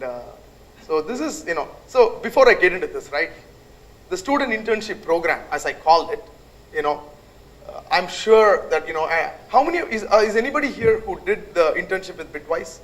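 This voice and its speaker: A man's voice: high-pitched, fairly bright tone, rough recording. A middle-aged man giving a loose, conversational lecture to students, telling stories with many fillers. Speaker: guest lecturer, entrepreneur. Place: lecture hall.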